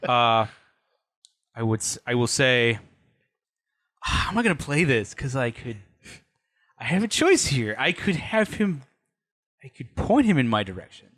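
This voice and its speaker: A man's voice: medium pitch, very animated, a little slow, long pauses, fairly bright tone, dry recording, clean studio sound. A man playing a tabletop role-playing game, thinking aloud in a hesitant, casual way. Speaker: player.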